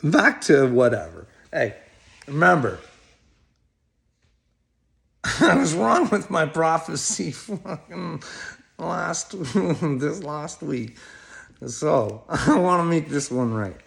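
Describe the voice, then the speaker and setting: A man's voice: on the high side, big pitch swings, slow pace, creaky, pauses often, fairly bright tone. A middle-aged man rambling straight to camera, swearing heavily and breaking into laughs between phrases. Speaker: video blogger addressing another creator. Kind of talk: rambling direct-to-camera monologue.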